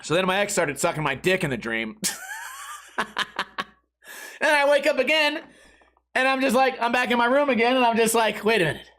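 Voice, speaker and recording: A man hosting a comedy podcast, telling casual stories in an animated, rambling way, acting out his own reactions and swearing freely. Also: very high voice, moderate pace, pauses often. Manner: swears freely, says "dude" and "bro". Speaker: podcast host.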